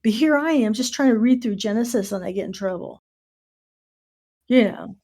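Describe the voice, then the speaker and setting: A middle-aged American woman hosting a casual podcast, telling stories with lively asides and spelling out words letter by letter. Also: fairly high pitch, normal speed. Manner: animated storyteller who spells out words letter by letter. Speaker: podcast host.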